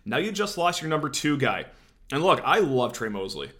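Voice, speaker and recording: A man hosting a college football show, giving animated, sarcastic opinion commentary with frequent fillers. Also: a little high, normal speed. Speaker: sports podcast host.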